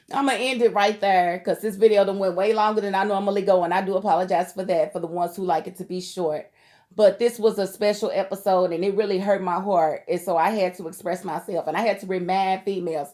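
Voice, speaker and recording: A woman's voice: medium pitch, fairly even intonation, a little fast, a little mellow. A woman from Kentucky giving an emphatic, heated casual vlog commentary on a TV show, speaking in outspoken slang. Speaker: TV show recap vlogger.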